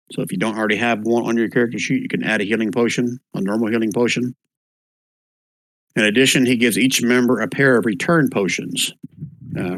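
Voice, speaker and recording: A man's voice: on the low side, fairly bright tone, no room sound, poor audio. A man running an online tabletop one-shot as game master, easygoing, with lots of fillers, spelling out names as he goes. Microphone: voice chat microphone.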